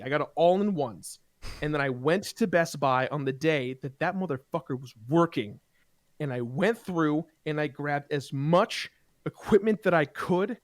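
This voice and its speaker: A man casually telling a heated personal story to friends, animated and profane, with rambling restarts. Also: a little high, dry recording, clean studio sound. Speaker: gaming show regular.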